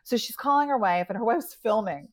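A woman who runs a dog rescue, telling a story in a lively, chatty way and acting out the quotes. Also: on the high side, fairly quick. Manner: animated, chatty, lots of "like" and acted-out quotes. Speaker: dog rescue owner and pet matchmaker. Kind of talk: storytelling in an interview.

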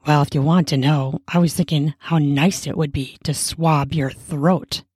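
A woman doing a hushed, lustful young man. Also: deep voice, steady tone, unhurried, breathy edge, no room sound, studio quality, pitched below the performer's own voice. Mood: aroused.

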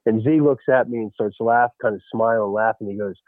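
A former baseball coach telling a lively story in a radio interview, peppering his talk with "you know" and "right?". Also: lowish voice, a little fast, no room sound. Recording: tinny phone line.

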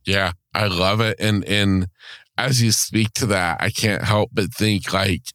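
A man hosting a podcast, answering his guest with affirming reflections and small halting restarts. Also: fairly low pitch, fairly even intonation, a bit bright, no echo, studio quality. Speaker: podcast host. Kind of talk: conversational interview.

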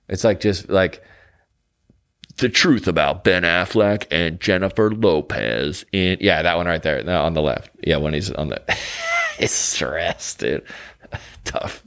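A young man hosting a podcast, telling rambling stories in casual chat with lots of fillers and mock voices. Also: sits low. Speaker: podcast host.

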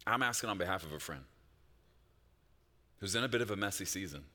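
Male pastor, lively pitch, bright tone, preaching in a big reverberant church hall. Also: fairly quick. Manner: swings from hushed reflection to loud, rising exhortation. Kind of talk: sermon.

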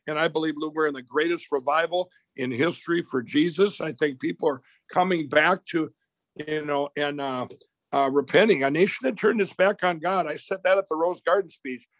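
A man's voice: a little high, a bit bright, no room sound. Rambling man on a dull remote line. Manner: rambling, frequent restarts and repeats. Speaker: company CEO, interview guest. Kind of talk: animated call-in interview.

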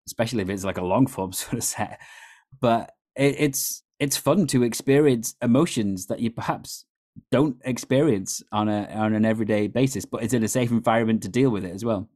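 A man hosting an improv podcast, talking in a relaxed, reflective way. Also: medium pitch, fairly quick. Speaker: podcast host. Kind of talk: casual podcast chat.

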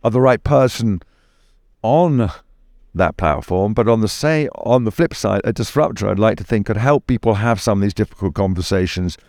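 A man's voice: fairly low pitch, animated, moderate pace, a little mellow, no echo, studio quality. A man from the United Kingdom in a conversational interview, thinking aloud with frequent restarts and fillers. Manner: thoughtful, hesitant with many restarts and fillers. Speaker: guest.

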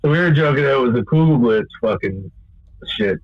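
Man, casual storyteller, rambling and profane, mid pitch, dull lo-fi recording with faint music. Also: fairly quick, dry recording. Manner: profane, rambling, animated when quoting. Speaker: guest telling a story.

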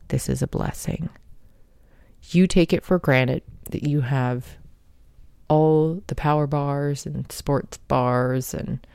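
A woman's voice: low-pitched, gravelly, warm tone, no echo, clean studio sound. A woman talking through life lessons and gratitude in an earnest, reflective self-help monologue. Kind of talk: motivational monologue.

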